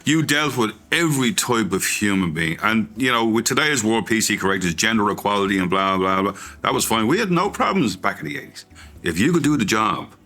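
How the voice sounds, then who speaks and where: A man's voice: on the low side, lively intonation, brisk, sharp tone. A man, a former radio presenter, reminiscing in an interview in an emphatic, forthright and opinionated way.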